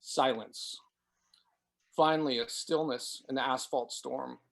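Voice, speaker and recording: A man, the author, reading his novel aloud in a steady, measured way. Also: mid-range voice, gravelly. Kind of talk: dramatic book reading.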